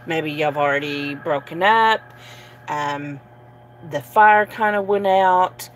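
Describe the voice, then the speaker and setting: A woman giving a casual tarot reading, relaxed and sleepy, with many fillers and soft laughs. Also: sits low, slow, a little hiss or hum, rough recording. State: sleepy, yawning. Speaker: tarot reader.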